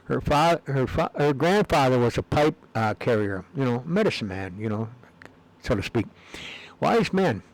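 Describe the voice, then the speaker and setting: Gravelly man rambling in a monologue. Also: medium pitch, lively intonation, moderate pace, low-quality recording. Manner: meandering, repeats words, many fillers. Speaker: video blogger.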